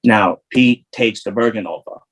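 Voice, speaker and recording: A man's voice: fairly low pitch, moderate pace, husky, low-quality recording. A man, an interview guest telling rambling, profane street stories full of restarts. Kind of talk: casual storytelling.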